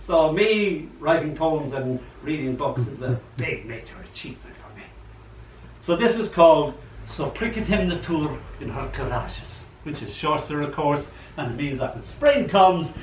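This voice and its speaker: Older guy, slightly high voice, animated poetry reading with a faint hum behind. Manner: chatty, animated storyteller who acts out quotes. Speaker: poet. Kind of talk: poetry reading at an open mic. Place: old library room. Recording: echoey room, mic far off, faint hum.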